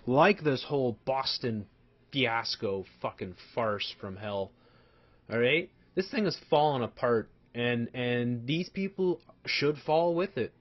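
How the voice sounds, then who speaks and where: A man rants in outraged commentary, full of profanity and repeated phrases. He lurches between bitter mutters and loud outbursts. The recording sounds dull and lo-fi. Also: medium pitch, expressive, slow. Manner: furious, profane, repeats himself, swings between shouting and muttering. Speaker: commentator reacting to a video. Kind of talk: angry ranting commentary.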